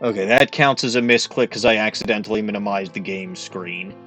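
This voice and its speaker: A man's voice: on the low side, a little fast, fairly bright tone, soft background music. Casually swearing male game streamer. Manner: casual, swears freely, self-deprecating. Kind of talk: casual let's-play commentary.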